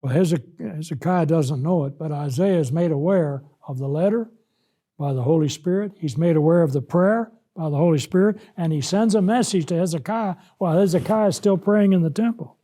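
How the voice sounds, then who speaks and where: Preacher guy teaching scripture, high mellow voice, slow and emphatic. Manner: slow, emphatic, rises loud when voicing God. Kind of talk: sermon, Bible lesson.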